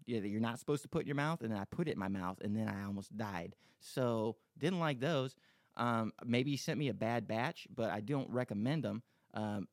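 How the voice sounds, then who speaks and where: Gravelly, swearing podcast host. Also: male voice, medium pitch, no echo, clean studio sound. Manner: swears freely, rambling and joking. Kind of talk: casual podcast chat.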